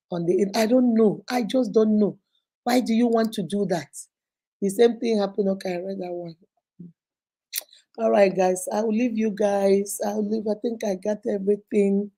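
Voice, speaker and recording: A Nigerian woman in her fifties hosting a casual livestream advice talk. She is animated and scolding, and mixes in pidgin and Igbo phrases. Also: medium pitch. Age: 50s. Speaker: host.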